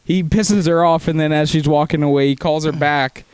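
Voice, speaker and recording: Man, somewhat high voice, jokey, laughs a lot, casual podcast banter. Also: steady tone, normal speed, darkish tone, clean tone, dry recording. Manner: joking, laughs often, chimes in. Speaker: podcast co-host. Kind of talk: casual chat.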